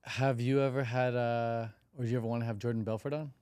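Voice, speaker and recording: Laid-back mellow-voiced young guy. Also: mid-range voice, flat delivery, fast talker, smooth, dry recording, studio quality. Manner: curious, breezy, slangy, acts out example phrasings. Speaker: podcast host. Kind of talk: casual chat.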